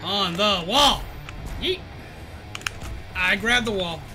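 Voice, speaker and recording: Playful high-pitched male gamer. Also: expressive, slow. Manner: playful, talks to enemies, sing-song noises. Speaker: gaming streamer. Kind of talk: casual gameplay commentary. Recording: game music behind the voice.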